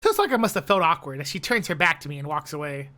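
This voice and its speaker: A woman's voice: sits low, big pitch swings, fast talker, a bit bright. A woman casually chatting and narrating a visual novel with friends on a stream, joking and laughing often. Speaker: stream co-reader.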